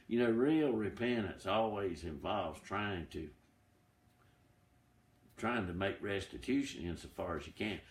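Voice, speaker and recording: A man teaching an informal Bible study, in a chatty, unhurried way with many fillers and restarts, now and then quoting scripture. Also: deep voice, animated, reverberant.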